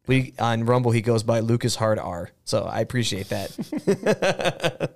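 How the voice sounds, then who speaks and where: A man's voice: mid-range voice, lively intonation, slow, darkish tone. A young man co-hosting a casual podcast, loose and joking, laughing often and swearing. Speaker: podcast co-host.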